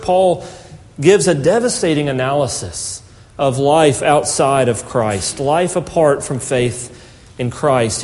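A man's voice: fairly high pitch, darkish tone. Emphatic preacher man in a reverberant hall. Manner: earnest, emphatic preaching with slow stressed phrases. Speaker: pastor. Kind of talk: sermon.

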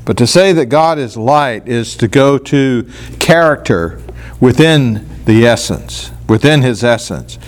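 Slow, deliberate male Bible teacher. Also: medium pitch, lively intonation. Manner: slow, deliberate, stresses single words.

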